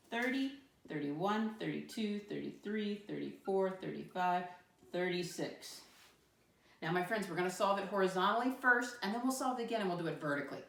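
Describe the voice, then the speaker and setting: A woman's voice: lowish voice, fairly bright tone. A woman teaching a math lesson to young children in a sing-song teacher voice, counting aloud and calling them "my friends". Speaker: first grade teacher. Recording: roomy sound from a distant mic.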